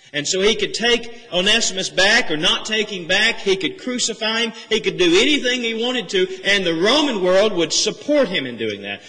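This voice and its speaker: A man's voice: sits high, pushed and bright. Man preaching in a reverberant church. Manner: earnest expository preaching, rising emphasis on key phrases. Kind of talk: sermon. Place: church sanctuary. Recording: church sanctuary with long reverb.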